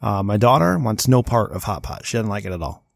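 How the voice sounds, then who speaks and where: A man's voice: on the low side, brisk, vocal fry, dry recording. A man co-hosting a podcast in casual chat, telling stories bluntly with some swearing. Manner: animated storyteller, blunt, profane. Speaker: podcast co-host.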